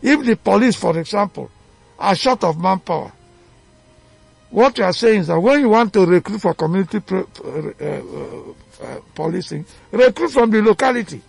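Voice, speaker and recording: Gravelly high-voiced Nigerian man, fiery. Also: animated, normal speed, darkish tone, no echo, faint music behind. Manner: emphatic, fiery, rhetorical questions. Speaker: studio guest, chief. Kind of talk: heated radio debate. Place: radio studio.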